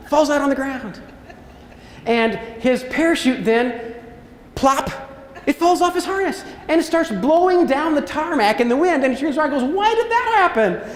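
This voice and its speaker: A man giving a storytelling keynote talk as a motivational speaker, acting out scenes and quotes with big swings in his voice. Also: a little hiss or hum. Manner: animated, acts out scenes and quotes with big pitch jumps. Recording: echoey hall with faint ambience.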